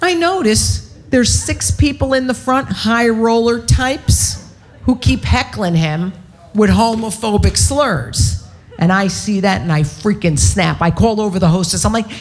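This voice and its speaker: A woman's voice: fairly high pitch, expressive, a little slow. A woman performing a stand-up comedy set, brash, profane and self-mocking.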